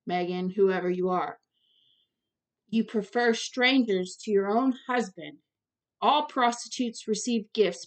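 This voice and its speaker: A woman of ordinary pitch reads scripture aloud in an earnest, plain way. She breaks off to comment directly to her listeners. She sometimes trips over long words and tries them again. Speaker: Bible teacher.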